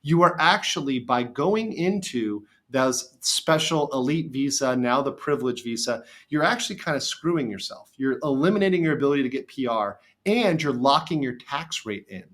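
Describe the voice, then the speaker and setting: A middle-aged American man, an attorney, talking as a guest on a podcast, emphatic and lively when telling stories. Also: medium pitch, moderate pace, few pauses. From USA. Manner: animated, emphatic storyteller. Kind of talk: casual podcast interview.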